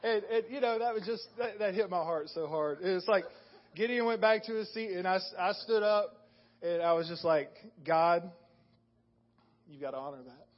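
A man tells his church an earnest testimony in a slightly high voice. He talks casually, stumbling and restarting as he goes. The sound is dull and lo-fi. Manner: earnest, halting with restarts and ums. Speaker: church member sharing testimony. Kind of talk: casual spoken testimony to a congregation.

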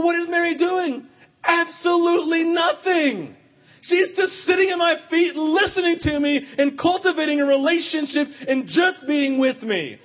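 A man preaching a sermon in an animated, confessional way, swinging between loud outbursts and quiet, intimate stretches. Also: very high-pitched, highs cut off.

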